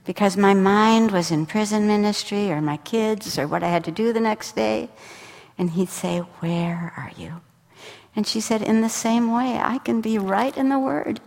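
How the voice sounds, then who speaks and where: A woman Bible teacher giving a sermon, telling personal stories with intimate warmth and dropping to a soft whisper when she speaks the words of God. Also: medium pitch, normal speed, vocal fry. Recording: reverberant hall.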